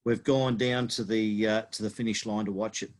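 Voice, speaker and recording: Low-voiced Australian man, halting story. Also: level tone, darkish tone. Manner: halting, restarts phrases often. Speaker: podcast co-host. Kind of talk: casual storytelling chat.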